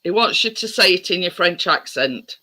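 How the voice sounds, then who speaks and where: A woman's voice: lowish voice, expressive, moderate pace, sharp tone. A woman from Nottinghamshire with an East Midlands English accent, hosting a casual live chat, laughing often and reading out viewer comments. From Nottinghamshire, England. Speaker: host of a live chat stream.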